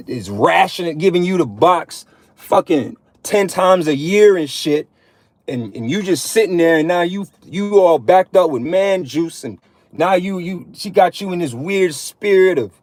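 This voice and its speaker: A man's voice: sits high, a little mellow, no echo. A man giving a casual, preachy monologue to other men, cursing often and repeating himself in street slang. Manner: profane, repetitive, streetwise slang. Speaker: online preacher addressing men.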